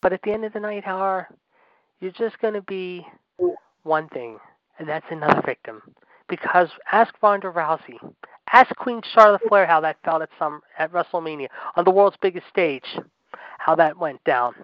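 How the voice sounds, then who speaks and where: A man co-hosting a wrestling podcast, delivering a brash, sarcastic rant that swings between loud jabs and low muttered asides. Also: normal speed, no room sound. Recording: dry, slightly dull podcast audio.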